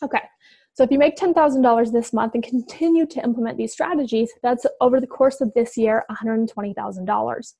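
A woman's voice: a little high, brisk, vocal fry, no room sound, poor audio. Persuasive woman coaching healthcare providers. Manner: energetic, direct, persuasive, addresses listeners as "you guys". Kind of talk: instructional talk.

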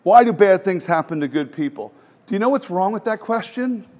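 A middle-aged male pastor preaching a sermon, animated, with rhetorical questions and sarcastic asides. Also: sits high, fairly quick.

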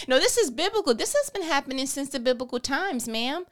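Woman, faith talk host, playful, animated, laughing, reading scripture aloud. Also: high voice, a little fast, few pauses.

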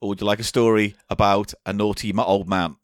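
A man's voice: fairly low pitch, little pitch movement, a little fast, dry recording. A man co-hosting a casual comedy podcast, teasing with dry banter. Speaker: podcast co-host.

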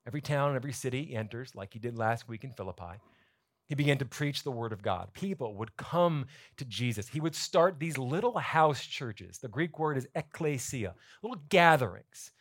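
A man preaching a sermon to his church congregation, explaining scripture in a lively, conversational teaching manner. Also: mid-range voice, normal speed. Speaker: pastor. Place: church sanctuary.

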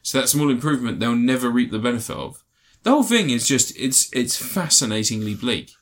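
A man's voice: medium pitch, animated, fairly quick. Rambling man in casual chat. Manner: rambling, hesitant, with many restarts and fillers. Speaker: podcast co-host reviewing a film.

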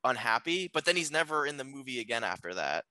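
Very animated and fast, the co-host discusses a film's plot in a rambling way, full of fillers and restarts. His medium-pitched voice has a sharp tone, and the recording is dry and low in quality.

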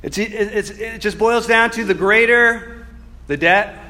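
Guy preaching a sermon, kinda high voice, earnest, goes soft then punchy. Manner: earnest, builds from soft reflection to emphatic bursts; reads scripture slowly and deliberately.

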